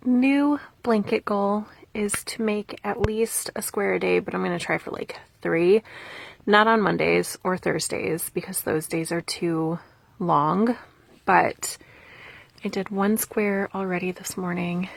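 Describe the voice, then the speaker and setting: A young woman vlogging about crafts and a gift package, gushing with excitement and dropping from soft whispers to squeals. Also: mid-range voice, takes it slowly, vocal fry, no room sound. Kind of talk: casual vlog, showing crafts.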